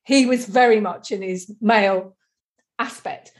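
A woman's voice: medium pitch, measured pace. A woman in casual spiritual conversation, talking reflectively and rambling, with frequent "you know.".

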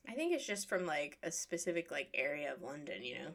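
A woman co-hosting a casual podcast chat, relaxed, laughing often and chiming in with short replies. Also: sits low, a little fast, creaky. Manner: relaxed, laughing, supportive interjections. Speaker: podcast co-host.

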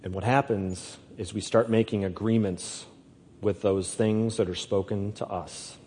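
A man preaching a sermon, slow and emphatic, often repeating his words. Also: fairly low pitch, steady tone, mellow, long reverb tail, a little hiss or hum.

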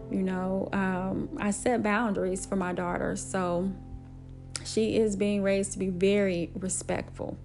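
A woman's voice: mid-range voice, level tone, unhurried. A middle-aged woman talks frankly about raising her daughter. She speaks in a mid-range voice and stresses her points hard. Faint music plays beneath her. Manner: candid, emphatic, acts out quotes in a raised voice. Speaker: single mother sharing parenting advice. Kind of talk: casual talk to camera.

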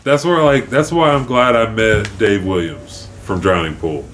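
A man co-hosting a podcast in relaxed, jokey casual chat, telling stories. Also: moderate pace. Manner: laid-back, jokey, acts out quotes in high voices. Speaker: podcast co-host. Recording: faint background noise.

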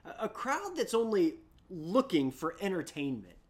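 A preacher telling a story in a sermon, repeating words as they restart sentences and swinging from loud bursts down to hushed whispers. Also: mid-range voice, sing-song, a little slow. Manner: frequent repeated word restarts.

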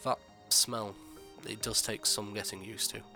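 Sinister aged gentleman voiced by a male storyteller: gravelly, polite, quietly threatening. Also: fairly low pitch, steady tone, unhurried, music in the background. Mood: courteous, menacing. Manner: smooth, courteous, quietly menacing. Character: aged sinister gentleman, smirking, soft-spoken.

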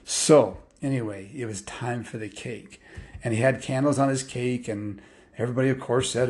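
A man's voice: medium pitch, fairly even intonation, normal speed, a little mellow. A rambling male storyteller. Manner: rambling, strings clauses with "and" and "well". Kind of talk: casual spoken storytelling.

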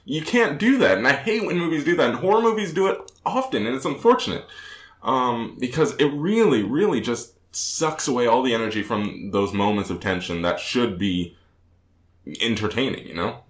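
A man's voice: medium pitch, animated, normal speed. A man co-hosting a casual movie review chat, rambling and correcting himself often, laughing as he talks. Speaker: podcast co-host. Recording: roomy echo.

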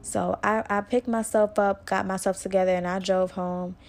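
A woman's voice: medium pitch, flat delivery, moderate pace, vocal fry, a little mellow. A young woman hosting her own podcast, telling a personal story in a candid, conversational way and speaking straight to her listeners. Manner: candid and conversational, full of "like" and "y'all". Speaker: podcast host.

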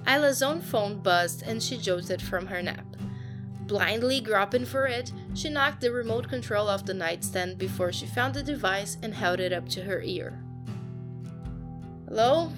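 A woman, reading a fanfiction story aloud in a steady, even way. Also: medium pitch, normal speed, music in the background. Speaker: podcast host and reader.

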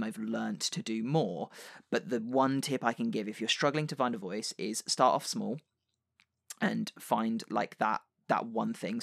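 A man co-hosting a podcast, chatting easily and handing out tips about role-play. His voice is low and gravelly. The sound is dry and close, with no room echo. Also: a bit bright. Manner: chatty, gives tips with frequent fillers. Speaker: podcast co-host. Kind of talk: casual chat about tabletop role-play.

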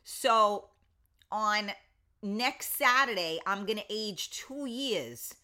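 A woman's voice: mid-range voice, animated, slow, bright, forceful tone. A woman around fifty hosting a casual live stream, chatty and reading viewers' comments aloud with lots of fillers, a little foggy and in pain. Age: 50s. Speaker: livestream host.

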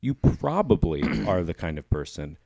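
A man co-hosting a podcast, casually chatting and agreeing, and thinking out loud. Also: low-pitched, sing-song, moderate pace, vocal fry, no room sound, studio quality. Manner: agreeable, thoughtful, frequent affirmations. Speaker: podcast co-host.

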